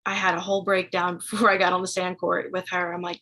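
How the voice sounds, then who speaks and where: A woman's voice: on the low side, level tone, quick pace, bright, forceful tone, rough recording. A young woman telling her story as a podcast guest, chatty and casual, with many fillers. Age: young adult.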